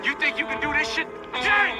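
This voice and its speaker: A raging corrupt cop. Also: male voice, extremely high pitch, lively intonation, brisk. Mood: raging threats. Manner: furious, profane, shouting threats. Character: enraged corrupt male cop, swaggering and threatening. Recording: film clip under loud music.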